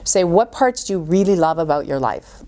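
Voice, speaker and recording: A middle-aged woman who speaks as a podcast guest, with a fairly low voice for a woman. She is an animated storyteller and acts out what people say in little quoted voices. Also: normal speed. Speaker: guest coach. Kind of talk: podcast interview.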